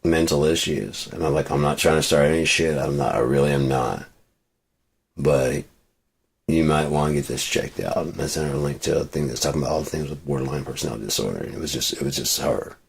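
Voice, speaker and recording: Very deep, gravelly man venting. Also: quick pace. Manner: rambling, profane, restarts often. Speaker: vlogger. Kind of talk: casual venting monologue.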